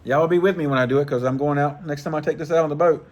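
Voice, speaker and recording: A middle-aged man hosts a fishing channel and chats casually and profanely about fishing gear in a vlog. His voice sits on the high side with a steady tone, and he talks rapid-fire, rambling, laid-back and chuckling. The recording has the highs cut off and a little hiss or hum.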